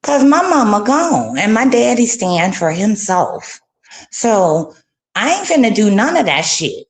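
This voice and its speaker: A woman telling a heated story in casual, profane speech, breaking into loud, high exclamations. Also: sing-song, measured pace.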